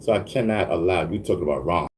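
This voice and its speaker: Deep-voiced and fast-talking, with slight background noise, he runs a laid-back livestream and answers chat messages. He keeps stumbling and restarting, laughs a lot, and checks in with viewers by asking "you know what I mean."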